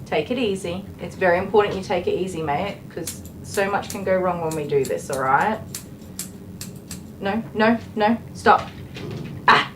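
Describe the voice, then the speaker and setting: A woman's voice: medium pitch, unhurried, fairly bright tone, slight background noise, poor audio. An Australian woman grooming a dog on a live stream, coaxing it in a soothing way while chatting to her viewers.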